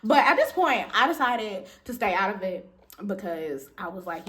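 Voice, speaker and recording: A woman's voice: medium pitch, very animated, moderate pace, fairly bright tone. A woman vlogger telling a story in a casual, slangy way, talking straight to her viewers as y'all. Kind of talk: storytime vlog.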